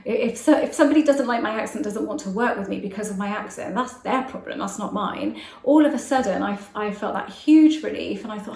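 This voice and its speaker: Fast-talking English woman in a roomy space. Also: mid-range voice, darkish tone. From West Country, England. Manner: fast-talking, chatty, laughs between phrases. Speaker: manifestation coach. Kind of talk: casual monologue to camera. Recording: roomy echo.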